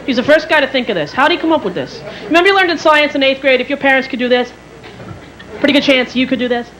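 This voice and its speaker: A woman in her thirties doing a stand-up comedy routine on a theater stage, telling stories in an animated way and acting out other people. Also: sits high, fast, rough recording. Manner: animated storytelling, acting out characters. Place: theater stage before a live audience. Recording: 1990s TV broadcast with loud crowd.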